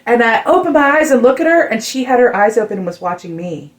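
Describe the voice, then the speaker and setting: A middle-aged woman from the United States talks through a long concert story in a relaxed podcast chat. She is animated and keeps filling her sentences with "like", and her voice climbs higher as her excitement builds. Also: quick pace. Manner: animated storyteller, many "like" fillers, rising excitement. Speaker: guest musician telling a story.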